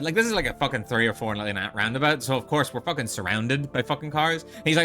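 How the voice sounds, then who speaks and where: A man's voice: mid-range voice, lively intonation, quick pace, hardly any pauses, pushed and bright, faint music behind. A man from the Netherlands streaming, telling a story in a profane, exasperated casual rant. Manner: profane, exasperated, lots of restarts.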